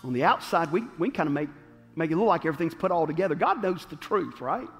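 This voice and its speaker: A man preaching a sermon, moving between shouts and hushed, slow moments. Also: on the high side, soft background music. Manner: animated call-and-response preaching, swings from shouting to hushed. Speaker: pastor. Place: church sanctuary. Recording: long reverb of a large hall.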